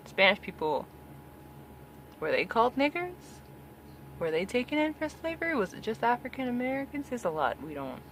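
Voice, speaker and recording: A woman's voice: fairly low pitch, a little hiss or hum. Blunt, profane woman ranting to camera. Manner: blunt, profane, rhetorical questions; emphatic, rising to loud bursts. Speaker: vlogger. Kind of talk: opinion rant to camera.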